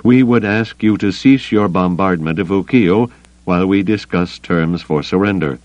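A man's voice: low-pitched, normal speed, a little mellow, no echo, muffled recording, close to an everyday voice. A man doing a quavering, wary alien leader. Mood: wary pleading. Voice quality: slightly quavering. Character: nervous male alien planetary leader, wary.

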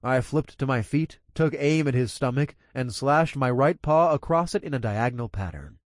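A man reading an audiobook in the first person, telling an action scene with expressive, energetic storytelling. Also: mid-range voice, normal speed, dry recording, clean studio sound. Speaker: narrator. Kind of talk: audiobook narration.

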